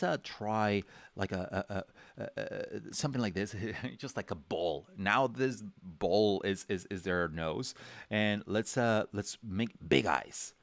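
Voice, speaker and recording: Chatty low-voiced man teaching drawing. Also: dry recording. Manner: rambling, chatty, lots of fillers and restarts; acts out characters' reactions with small voices. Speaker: drawing instructor. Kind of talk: livestream drawing lesson.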